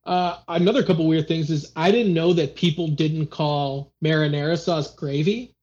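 A young man chats on a podcast, blunt and animated, with a slightly high voice. He swears freely. The recording sounds muffled and lo-fi. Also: moderate pace. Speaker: podcast co-host. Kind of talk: casual chat.

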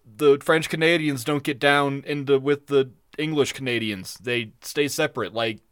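A man's voice: mid-range voice, steady tone, normal speed, a bit bright, clean tone, dry recording, studio quality. A man co-hosting a podcast, reviewing a cartoon episode in casual, profane, ranting chat. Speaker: podcast co-host.

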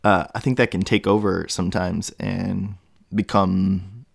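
A man's voice: sits low, fairly even intonation, a little slow, vocal fry, husky, no room sound, studio quality. A man hosting a solo podcast, thinking aloud in a meandering way with many fillers and restarts. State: has the hiccups. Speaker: podcast host. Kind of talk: rambling solo podcast monologue.

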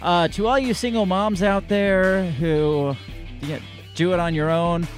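A man's voice: sits high, fairly even intonation, a little slow, faint music behind. A man hosting a podcast, talking in a casual rambling rant full of restarts, fillers and sarcastic asides. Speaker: podcast host. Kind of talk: casual ranting monologue.

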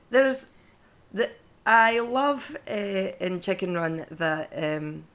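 A Scottish woman talks as a guest about her voice work. Her voice sits low, and she laughs often while she tells her stories with lively energy. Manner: laughing, animated storyteller. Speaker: voice actress guest. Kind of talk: casual interview chat.

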